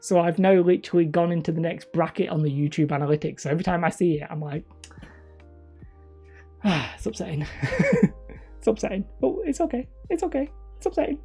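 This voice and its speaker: A man's voice: fairly high pitch, expressive, brisk, creaky, long pauses, mellow, slightly rough, soft background music. A man in his thirties, hosting a hobby channel and chatting casually with live viewers in a rambling, self-mocking way. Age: 30s. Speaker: hobby terrain channel host.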